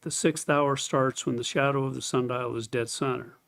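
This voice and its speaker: A man teaching a scripted Bible study lesson, explaining things step by step, reading scripture aloud and clearing his throat now and then. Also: mid-range voice, fairly even intonation, moderate pace, a bit bright.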